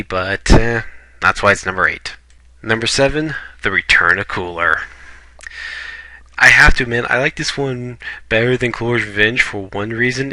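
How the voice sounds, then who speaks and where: Blunt man with a bright, dry voice. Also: fairly low pitch, no echo, rough recording. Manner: blunt, opinionated, swears casually. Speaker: video reviewer. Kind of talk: casual ranking review.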